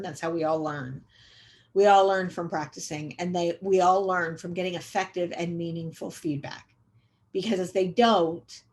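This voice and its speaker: A middle-aged woman giving a conversational training lecture to educators, repeating key points for emphasis and often pausing on "um". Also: lowish voice. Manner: conversational, repetitive emphasis, frequent um fillers. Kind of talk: recorded training webinar lecture.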